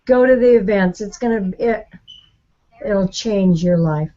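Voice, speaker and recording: A woman's voice: medium pitch, a little slow, mellow, dull audio. A woman on a team call, drained but emphatic. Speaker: guest speaker.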